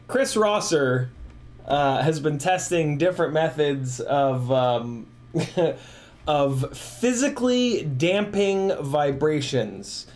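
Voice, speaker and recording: A man's voice: fairly high pitch, expressive, takes it slowly, a little mellow. A man in his forties, tipsy and rambling, hosting a casual livestream chat with profane rants and frequent laughter. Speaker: FPV drone livestream host.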